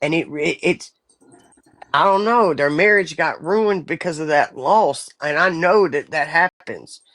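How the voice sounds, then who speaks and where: A woman's voice: deep voice, a little slow, fairly bright tone, no room sound, studio quality. A woman in her forties chatting bluntly and profanely on a live stream. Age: 40s. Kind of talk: casual live stream chat.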